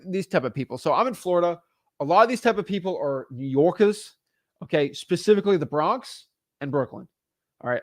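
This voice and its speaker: A man coaching real estate wholesaling in a blunt, energetic, casual way. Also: on the high side, dry recording, clean studio sound. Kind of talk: casual instructional talk.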